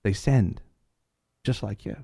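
A man preaching a sermon with passion, swinging between hushed lines and loud ones, addressing his listeners directly as sir and ma'am. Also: lowish voice, takes it slowly, vocal fry, husky, no echo, clean studio sound.

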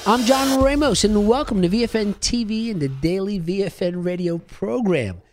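A man hosting a Christian radio and TV talk show, telling stories in a lively, laughing way. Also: high voice, normal speed. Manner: animated, laughing storyteller. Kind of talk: casual studio chat.

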